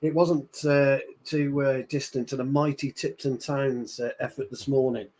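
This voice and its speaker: A man on a football podcast panel, talking bluntly and excitedly, swearing casually. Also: medium pitch, normal speed. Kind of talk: casual match-reaction chat.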